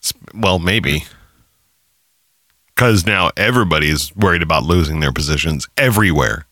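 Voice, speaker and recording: Bright, lively-voiced man bantering on a podcast. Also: sits low, moderate pace, no echo, clean studio sound. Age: 30s. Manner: laughs often, rambling, profane storytelling. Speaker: podcast co-host. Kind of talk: casual banter.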